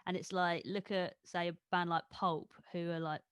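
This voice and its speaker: Young london woman doing a radio interview, lowish smooth voice, chatty, says like a lot. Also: little pitch movement, normal speed, fairly bright tone. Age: young adult. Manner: chatty, laughs often, many fillers like 'like'.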